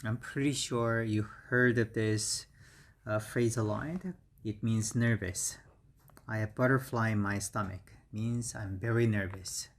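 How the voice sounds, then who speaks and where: A middle-aged man whose first language is Korean, teaching beginner English vocabulary slowly and repeating each word several times. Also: fairly low pitch, steady tone, a little hiss or hum. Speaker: English instructor. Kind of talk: slow beginner vocabulary lesson.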